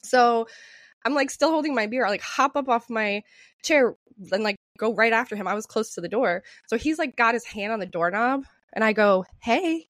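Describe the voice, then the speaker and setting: A woman co-hosting a podcast who tells a story in a casual, animated way, swearing freely and laughing often. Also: a little high, moderate pace, no echo, clean studio sound. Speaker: podcast co-host.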